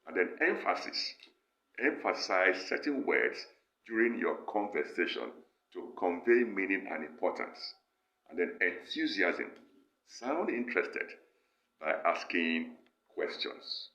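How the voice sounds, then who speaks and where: A man giving an instructional lecture, setting out steps in short, measured phrases. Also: low voice, animated, bright, forceful tone, echoey room. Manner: measured, lists steps one phrase at a time.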